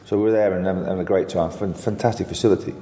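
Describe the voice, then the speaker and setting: A man in his sixties recounts old tales, chuckling and restarting as he goes. His voice is very low and dark, and the recording carries a long, roomy reverb. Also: rapid-fire. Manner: chuckling, animated storyteller, full of restarts. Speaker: former footballer, interview guest. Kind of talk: anecdotal storytelling. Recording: roomy reverberant room sound.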